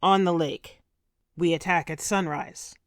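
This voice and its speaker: A woman voicing a harsh male Viking ship's skipper who shouts orders at his crew in an audiobook. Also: fairly low pitch, steady tone, a little slow, no echo, studio quality, natural voice. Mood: terse.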